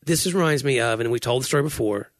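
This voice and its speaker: A man's voice: medium pitch, quick pace, no room sound. A man co-hosting a podcast, telling embarrassing old band stories in casual chat, often laughing and acting out quoted lines. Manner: animated storyteller, laughs often, acts out quotes. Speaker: podcast co-host.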